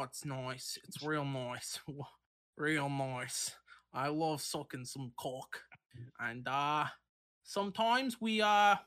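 A man improvising a crude pharmacy-owner pitchman in a commercial, his drifting between Boston and Australian as he rambles and stumbles. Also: a bit bright. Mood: low and lazy. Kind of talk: improvised comedy bit.

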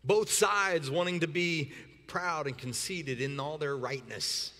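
A man preaching a sermon as pastor, animated, often repeating words and breaking into shouts for emphasis. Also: a little high, slow. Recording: long reverb in a hall.

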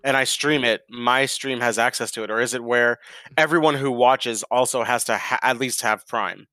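A man's voice: mid-range voice, normal speed, bright, forceful tone, no echo. A man hosting a podcast in loose, profane casual chat, laughing easily. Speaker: podcast host.

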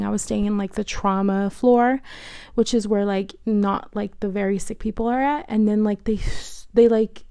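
A woman telling a storytime to her viewers in a warm, relaxed voice. Her talk is loose and chatty, full of "like" and casual swearing, and she keeps turning to the audience directly. The sound is dry and close, with no room around it. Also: fairly high pitch, no echo. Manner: chatty, heavy filler "like", frequent swearing, addresses viewers directly. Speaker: vlogger telling a personal story.

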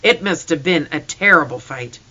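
Reader doing a calm, gentle farm father. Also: mid-range voice, moderate pace, highs cut off. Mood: comforting. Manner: calm and comforting.

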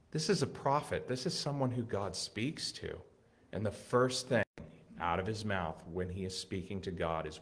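A man preaching a sermon in an earnest way, building to excited emphasis and then dropping soft. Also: fairly low pitch, normal speed.

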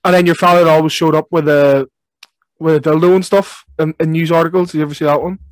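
A man's voice: a little high, steady tone, fast, dry recording. Laughing young man. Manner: laughs a lot, rambling. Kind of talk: casual chat.

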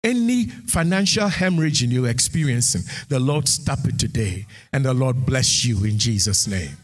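A man preaching a sermon who reads scripture aloud and builds into shouted, sing-song exhortation. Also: medium pitch, animated, moderate pace. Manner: reads scripture aloud, King James phrasing. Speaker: pastor.

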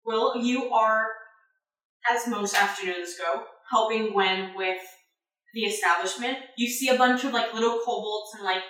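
A woman's voice: a little high, measured pace, a bit bright, slight background noise. A woman narrating as game master of a tabletop game, rambling with many fillers. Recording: echoey room, far from mic.

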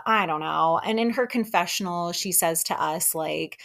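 A young woman hosting a casual recap podcast, chatty and animated, acting out what people said in put-on voices. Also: fairly low pitch, moderate pace, vocal fry, hardly any pauses. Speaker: podcast host recapping reality TV. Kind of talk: casual chat.

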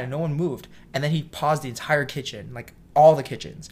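A man who works as a cook, telling a story in a casual interview. He acts out the voices in his story, sometimes loudly, and calls himself shy. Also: mid-range voice, fast talker, few pauses. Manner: self-described shy.

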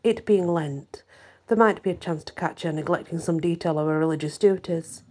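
A woman hosting her own channel, reading a historical novel aloud in a steady storytelling manner. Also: fairly low pitch, normal speed. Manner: steady storytelling, voices quotes lightly. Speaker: channel host and reader.

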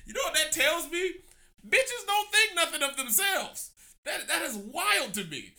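A man rants through a casual chat in a high, piercingly bright voice. His pitch swings widely, and his profane complaining keeps breaking into laughter. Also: a little slow. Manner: animated, profane ranting with frequent laughter. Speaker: podcast host.

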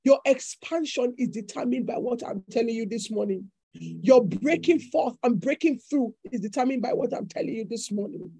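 A woman's voice: a little high, animated, normal speed, warm tone, slightly rough, dry recording, poor audio. A woman preacher delivering a fervent sermon with repeated declarations.

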